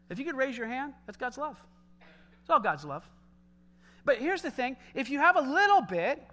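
A man preaches with an animated energy and talks straight to his congregation. His voice is unusually high for a man. The tone is bright and ringing. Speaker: pastor. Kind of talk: sermon.

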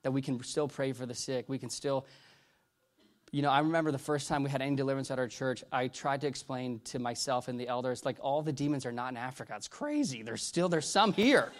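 Halting middle-aged man preaching. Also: mid-range voice. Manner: halting and rambling, many restarts, swinging between loud bursts and hushed retelling. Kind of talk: sermon testimony.

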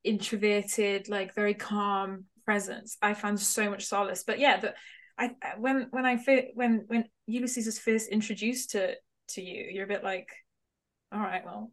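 A woman's voice: mid-range voice, fairly even intonation, moderate pace. A woman hosting a podcast, chatting casually and thoughtfully. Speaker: podcast host. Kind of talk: casual chat.

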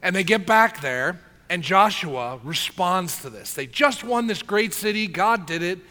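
A man preaching a sermon as pastor, casual and animated, acting out the people he tells about, in a church hall. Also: high voice, unhurried. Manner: casual, animated storytelling with acted-out quotes. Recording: long hall reverb.

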